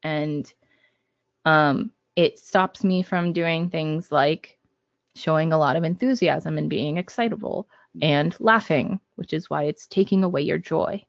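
Guy guest on a podcast, kinda low-key, lots of ums, muffled dry sound. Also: creaky, no echo. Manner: measured, with frequent ums. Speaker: game designer guest. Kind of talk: casual podcast chat. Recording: dull, dry lo-fi audio.

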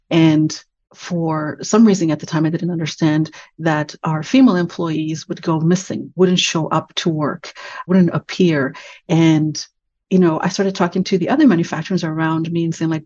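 A woman from Canada, a guest in an interview, tells stories from her career in a lively way and acts out the dialogue she quotes. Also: lowish voice, dull audio. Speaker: guest, HR executive. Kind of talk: interview storytelling.

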